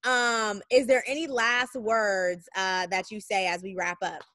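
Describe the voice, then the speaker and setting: A woman's voice: medium pitch, level tone, measured pace, fairly bright tone, no room sound. A woman hosting a podcast, full of enthusiastic praise as she wraps up a casual interview over a video call. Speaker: podcast host.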